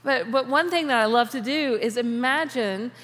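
A woman's voice: a little high, moderate pace, fairly bright tone. Chatty woman preaching in a reverberant hall. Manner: chatty, laughs often, frequent restarts. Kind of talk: conversational sermon. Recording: long reverb of a large hall.

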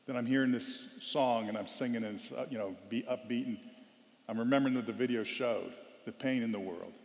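A man giving a storytelling sermon as a guest speaker, animated and loudly acting out quoted lines. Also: medium pitch, fairly quick, creaky. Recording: long hall reverb.

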